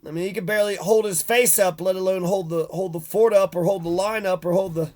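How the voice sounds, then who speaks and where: A man's voice: high-pitched, steady tone, fairly quick, a little mellow. A man casually commenting on history, irreverent and sarcastic, swearing freely and reacting to quotes he reads aloud. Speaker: history channel host.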